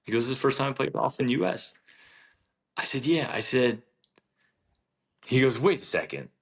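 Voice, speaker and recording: A man from New Jersey, a golf professional, telling an animated anecdote in an interview and acting out the dialogue. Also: mid-range voice, normal speed, gravelly, husky. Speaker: golf professional, podcast guest. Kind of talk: storytelling interview.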